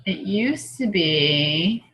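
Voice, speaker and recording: Bright-voiced woman coaching on a video call. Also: fairly low pitch, expressive, drawn-out words, rough recording. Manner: chatty and rambling, thinking aloud. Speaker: online group coach. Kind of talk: casual video call talk.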